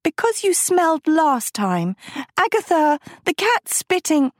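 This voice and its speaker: A vain teenage girl with a high, sugary voice, as a woman reader puts her on. She coos and wheedles, every word coated in syrupy sweetness, and the reading is slow and dry, close to the mic. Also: sing-song, no echo, exaggerated voice. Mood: coaxing. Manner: cooing, wheedling. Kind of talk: audiobook character voice.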